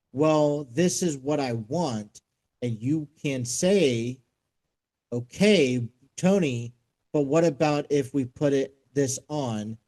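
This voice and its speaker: A man hosting a sports talk show, reading out a news story and commenting on it, halting with many fillers and restarts. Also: mid-range voice, mellow, low-quality recording.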